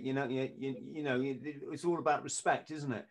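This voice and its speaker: Lively man telling stories. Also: mid-range voice, a little fast. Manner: lively anecdotes, acting out quoted lines in punchy bursts. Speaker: podcast guest. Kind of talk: storytelling in casual chat.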